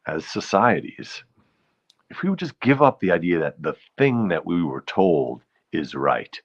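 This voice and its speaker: A man's voice: low-pitched, dull audio. A man with a New York accent, from the Bronx, hosting a casual live stream, rambling and greeting viewers between thoughts. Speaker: host.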